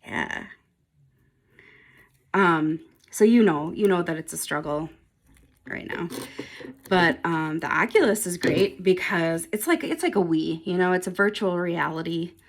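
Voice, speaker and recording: Measured and lowish, with long pauses, this is a woman in her forties who makes nail polish videos. Chatty and rambling to camera, she laughs often and fills her speech with ums.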